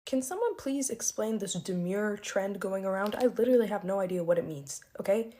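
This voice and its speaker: A woman vents to the camera in a casual, puzzled and exasperated way. Her voice sits at a middling pitch. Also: expressive, a little fast, dark tone. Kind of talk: casual vlog talk.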